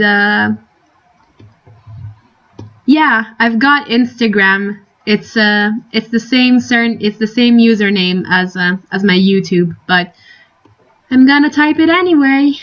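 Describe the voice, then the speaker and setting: A woman's voice: fairly high pitch, takes it slowly, a bit bright, lo-fi sound. A young woman chatting casually on a live stream, rambling and giggly, drifting into tangents.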